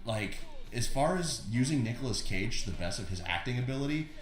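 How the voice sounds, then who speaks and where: A man's voice: mid-range voice, animated, fairly quick. A man co-hosting a casual podcast chat, laid-back, laughing often and restarting his sentences. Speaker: podcast co-host. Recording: roomy echo.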